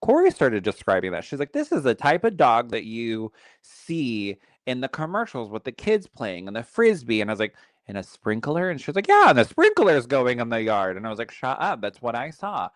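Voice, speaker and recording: A man co-hosting a podcast as a psychic medium, telling stories in an animated, chatty way and reading viewer comments aloud. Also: medium pitch, fairly quick, few pauses, no room sound. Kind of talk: casual podcast chat.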